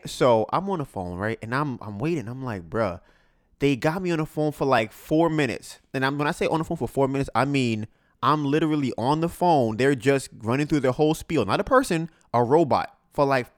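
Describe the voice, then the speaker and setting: A man's voice: mid-range voice, lively intonation, moderate pace, no echo, studio quality. A young man hosting a podcast, telling a slangy, exasperated story and acting out both sides of a phone call. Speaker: podcast host. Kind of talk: casual storytelling chat.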